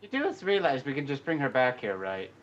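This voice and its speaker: A man's voice: medium pitch, very animated, a little fast, far from the mic. A man playing a tabletop game, bantering with the group. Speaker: player. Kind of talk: tabletop role-play banter. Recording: dull lo-fi mic.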